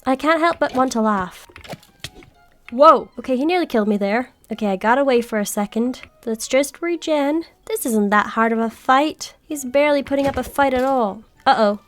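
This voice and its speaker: A woman giving chatty, excitable gameplay commentary, often squealing when startled. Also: high-pitched, moderate pace. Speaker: gaming video creator.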